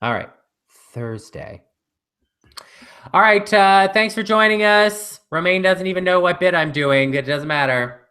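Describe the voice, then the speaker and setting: Male co-host, bright tone, rambling chatty delivery full of fillers. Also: high voice, fairly even intonation, normal speed. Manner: rambling storyteller with many fillers. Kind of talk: casual live chat.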